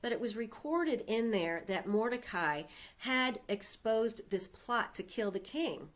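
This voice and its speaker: A woman's voice: on the high side, expressive, a little slow. A woman giving a Sunday message, retelling a scripture story in a casual, conversational way with asides to the congregation. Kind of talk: storytelling sermon.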